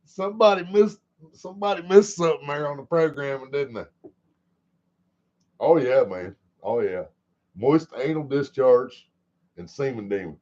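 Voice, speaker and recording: A man's voice: mid-range voice, expressive, normal speed, pauses often, dark tone. A man hosting a livestream in a casual, rambling chat. He swears a lot and laughs often. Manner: sing-song repetition. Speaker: livestream host. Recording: dull lo-fi stream audio.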